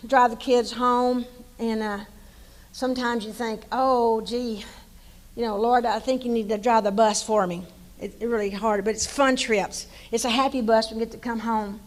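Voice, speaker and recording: Older woman, East Texas accent, retired coach, warm rambling anecdotes with restarts, slightly high voice. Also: fairly even intonation, normal speed, low-quality recording. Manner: folksy storytelling with many restarts. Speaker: hall of fame inductee, former coach. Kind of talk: banquet acceptance speech.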